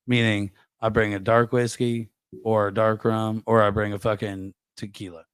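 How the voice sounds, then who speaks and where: A man's voice: on the low side, little pitch movement, normal speed, clear, resonant tone, dry recording. A man hosting a casual podcast chat, scattered and searching for names with lots of filler.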